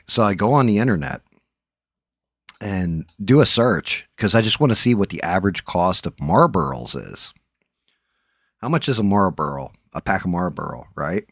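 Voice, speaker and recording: Middle-aged male streamer, deep voice, loose profane banter, dead-dry sound. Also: animated, normal speed, dry recording. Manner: profane, rambling, joking. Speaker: livestream host. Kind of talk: casual live-stream chat.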